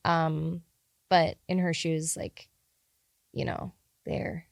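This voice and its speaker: Woman co-host, fairly low pitch, quiet reflective chat. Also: level tone, slow pace, vocal fry, no room sound, studio quality. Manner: soft-spoken, trailing off quietly. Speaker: podcast co-host. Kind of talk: casual chat.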